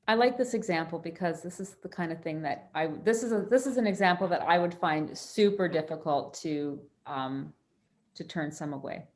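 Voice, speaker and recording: A woman therapist chatting on a video call, easygoing and laughing often, with many restarts. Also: on the low side. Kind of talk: casual panel chat on a video call.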